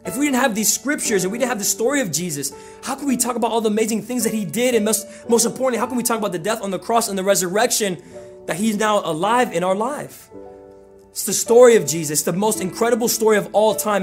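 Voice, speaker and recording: A male pastor delivers an energetic, conversational sermon and drives his points home by repeating them. His voice sits high for a man. Soft instrumental music plays quietly underneath. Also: fast talker.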